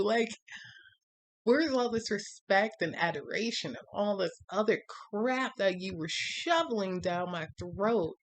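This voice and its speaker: A woman vlogger talking candidly about her own dating life in a rambling monologue with many fillers, her voice jumping higher whenever she quotes someone. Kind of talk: personal storytime monologue.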